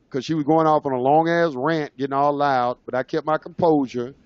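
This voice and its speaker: A man's voice: a little high, steady tone, a little fast, few pauses, smooth, dry recording. A man telling a story in a casual, rambling way, with loose phrasing and frequent restarts. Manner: rambling, loose and conversational, many fillers and restarts. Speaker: presenter. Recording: dull lo-fi audio.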